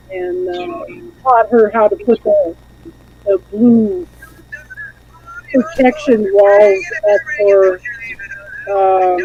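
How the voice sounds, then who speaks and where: A woman's voice: mid-range voice, gravelly, warm tone, a little hiss or hum. A woman hosting a live spiritual chat, talking casually about energy and protection, heard through dull lo-fi stream audio.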